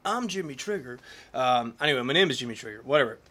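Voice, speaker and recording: A man in his thirties rambles to camera in a loose, unscripted vlog. He swears freely and trips over his own restarts as his thoughts pile up, and his voice sits at an ordinary middle pitch for a man. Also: animated, fast talker, a bit bright. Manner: profane, rambling, frequent restarts and filler words. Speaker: vlogger. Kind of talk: casual rambling monologue.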